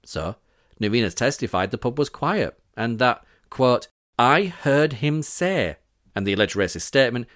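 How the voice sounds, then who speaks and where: A man's voice: medium pitch, expressive, moderate pace, a bit bright, no room sound, studio quality. A man from Britain hosting a scripted podcast, reading out witness quotes with sarcastic, indignant asides. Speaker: podcast host.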